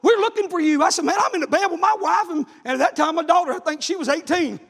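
A middle-aged man, preaching a revival sermon in a church, shouting his stories fervently. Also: very high voice, fast talker, vocal fry, long reverb tail.

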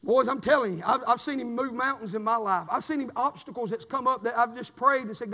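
A man preaching a sermon with a fervent, repetitive cadence, swinging from shouts to low, intense passages. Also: a little fast, few pauses. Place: church sanctuary. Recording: dull recording with long hall reverb.

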